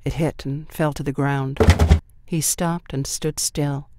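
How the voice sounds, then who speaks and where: A man's voice: on the high side, level tone, slow, noisy background. Man narrating an audiobook. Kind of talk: scripted narration.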